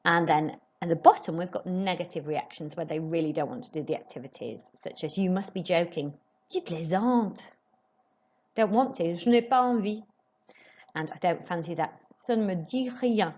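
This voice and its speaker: A woman teaching a French lesson, modelling phrases slowly and clearly for pupils to repeat. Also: fairly low pitch, a little mellow, muffled recording. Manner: slow, clearly modelled French pronunciation with rising questions. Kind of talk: recorded classroom lesson.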